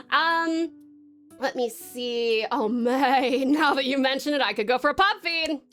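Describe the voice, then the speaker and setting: Bubbly high-voiced Australian woman streamer. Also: unhurried, fairly bright tone, faint music behind. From Tasmania, Australia. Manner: bubbly and gushing, many fillers and restarts. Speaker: livestreamer. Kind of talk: casual live-stream chat with viewers.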